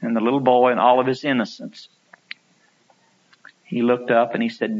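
A man preaching a sermon, telling stories and acting out quotes, climbing to loud pleading peaks. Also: mid-range voice, level tone, moderate pace, long pauses, highs cut off.

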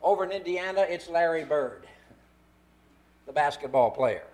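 A man delivers a sermon in a fairly high voice. He leans on key phrases, slowing down to stress them one word at a time. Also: expressive, a little mellow. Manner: emphatic, slow stresses on key words. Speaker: preacher.

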